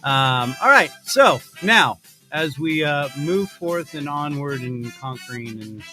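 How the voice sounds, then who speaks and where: A man with a fairly high, expressive voice talks slowly in a pushed, bright tone over soft background music. He's a podcast host doing a sponsor read in casual chat, rambling and playful, cutting himself off and restarting often.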